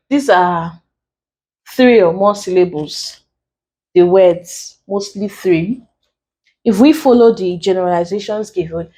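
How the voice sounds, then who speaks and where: A woman from Nigeria with a Nigerian English accent, teaching an online exam lesson and working through each answer step by step in a deliberate way. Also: medium pitch, a little mellow.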